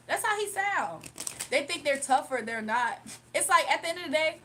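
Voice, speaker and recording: A woman with a high, bright voice rants on a casual livestream. She sounds indignant and emphatic, breaking into laughs as she makes her points. A faint hum sits behind her. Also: animated, moderate pace. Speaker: live streamer and spiritual reader.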